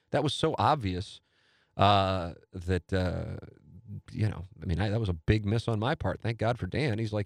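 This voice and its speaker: A man with a St. hosts his own podcast, talking on his own in a loose, rambling way. He sounds eager and pokes fun at himself. His voice sits a little low, recorded close and dry with no room sound. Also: brisk, no room sound. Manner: rambling, enthusiastic, self-deprecating. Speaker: podcast host. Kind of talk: casual solo podcast talk.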